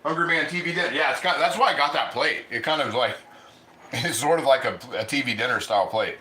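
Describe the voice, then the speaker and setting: A man's voice: mid-range voice, a little fast, bright, forceful tone, echoey room. A man hosting a casual cooking livestream, chatting loosely and eating as he talks. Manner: chatty, rambling, eats while talking.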